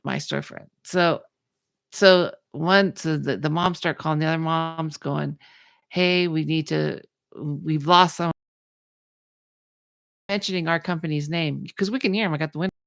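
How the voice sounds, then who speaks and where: A woman's voice: sits low, brisk, gravelly, dry recording, studio quality. A woman hosting a podcast, telling a story in casual chat and acting out the people in it. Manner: animated, acts out the people in her story. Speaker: podcast host.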